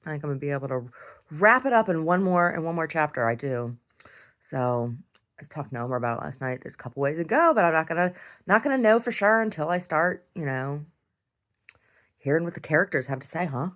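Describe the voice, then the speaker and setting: A woman's voice: low voice, expressive, quick pace, a bit bright. A woman talking casually in a video diary, rambling and often repeating words and restarting sentences. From United States. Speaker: video diarist.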